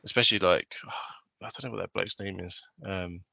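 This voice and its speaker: A man's voice: low voice, fairly even intonation, normal speed, vocal fry, bright, forceful tone, no echo, lo-fi sound. A young man co-hosting a podcast, chatting casually, rambling with lots of fillers and swearing freely. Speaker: podcast co-host. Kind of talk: casual chat.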